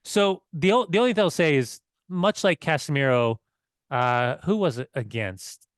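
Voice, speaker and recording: A man co-hosting a casual football podcast, telling excited, swearing stories with laughs. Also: a little high, normal speed, clean tone, no room sound, clean studio sound. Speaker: podcast co-host.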